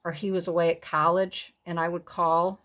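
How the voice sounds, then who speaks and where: A woman's voice: on the low side, flat delivery, moderate pace, a bit bright. A middle-aged woman hosting a casual crafting tutorial, chatting in rambling, self-amused asides as she works. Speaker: craft video host.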